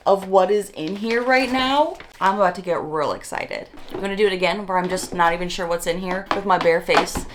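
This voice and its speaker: A woman beauty vlogger in a chatty, excitable unboxing, reading product labels aloud, with her morning voice. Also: on the low side, fairly quick, few pauses, a little hiss or hum. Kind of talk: casual unboxing chat.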